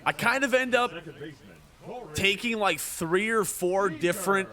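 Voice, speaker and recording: A man's voice: high-pitched, unhurried, bright, forceful tone. A man streaming a baseball video game, joking and ribbing his chat in casual commentary. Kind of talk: casual livestream gaming commentary.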